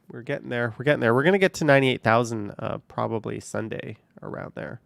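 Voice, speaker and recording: A man's voice: medium pitch, fairly quick, creaky, few pauses, fairly bright tone, dry recording. A young man hosting a casual live stream from his car, reading viewer messages, thanking supporters and answering questions in an easygoing way. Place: car, driving around the city.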